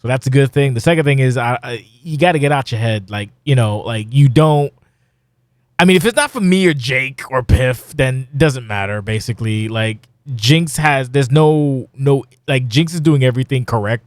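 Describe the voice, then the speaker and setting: A man's voice: medium pitch, moderate pace, no room sound. Profane rambling man, dry close sound. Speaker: podcast host. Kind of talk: casual podcast chat.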